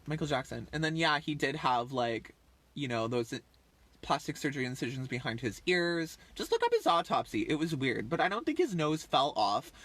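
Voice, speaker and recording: Bright, rambling man in his thirties. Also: fairly high pitch, big pitch swings, moderate pace. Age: 30s. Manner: rambling, chatty, lots of fillers and trailing off. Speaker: livestream host. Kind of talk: casual rambling livestream chat.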